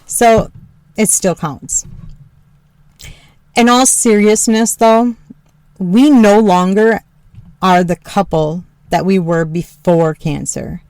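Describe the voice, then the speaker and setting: A woman's voice: steady tone, slow, pauses often, darkish tone, no echo. A woman podcast host telling a candid personal story, frank and joking, swearing freely and laughing often. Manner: mimics her husband in a lower voice.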